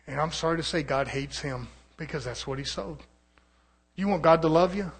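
A man preaching a fervent sermon, swinging from loud, rising shouts to low, quiet stretches. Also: moderate pace, breathy edge.

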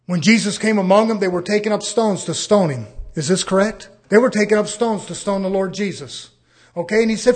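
A man's voice: high voice, a little fast. A man preaching a sermon, stressing his points, asking rhetorical questions and saying amen between phrases. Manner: emphatic, punctuates phrases with "amen"; rhetorical questions and swings in volume.

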